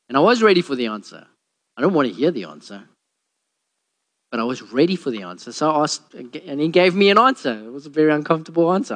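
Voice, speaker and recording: A man, a pastor, preaching a sermon and telling a Bible story with lively acted-out quotes. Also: fast talker. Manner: storytelling, acts out quotes with a lowered voice.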